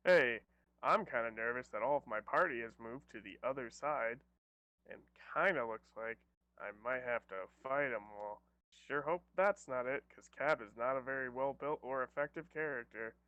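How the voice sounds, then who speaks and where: A man's voice: medium pitch, normal speed, pushed and bright, no room sound. Joking male player on a dull call. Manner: joking, playful teasing. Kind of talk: casual play chat. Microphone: online voice call.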